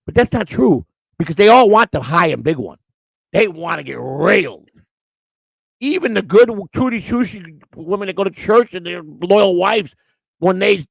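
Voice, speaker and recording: Gravelly-voiced guy rambling on his live stream, blunt and crude, dry close mic. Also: high-pitched, expressive, normal speed, no room sound, low-quality recording. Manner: rambling, repeats words as he restarts. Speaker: live-stream morning show host. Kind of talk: unscripted live-stream chat.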